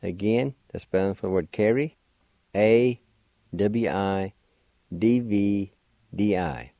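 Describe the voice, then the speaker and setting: Slow, patient man teaching spelling. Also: lowish voice, gravelly, warm tone, dry recording. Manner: patient, spells letters and repeats words slowly. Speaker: language teacher and radio host. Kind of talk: slow word-by-word language lesson. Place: radio studio.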